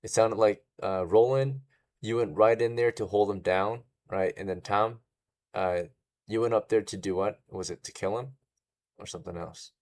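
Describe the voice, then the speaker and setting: A man's voice: lowish voice, normal speed, a little mellow. A man narrating as game master in a casual way, often checking in with "right?". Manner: casual, tags lines with "right?".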